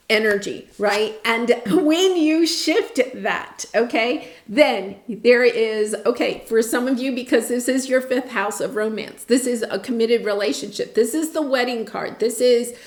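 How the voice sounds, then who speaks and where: Woman tarot reader, chatty and encouraging, slightly high voice, roomy echo. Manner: chatty, encouraging, checks in with "right?" and "okay?". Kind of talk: casual tarot reading.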